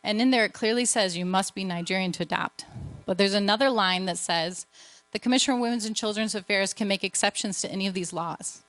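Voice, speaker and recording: A woman's voice: medium pitch, fast, fairly bright tone, dry recording. Earnest woman missionary telling her story. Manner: earnest storytelling, emotional at times. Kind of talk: church testimony talk.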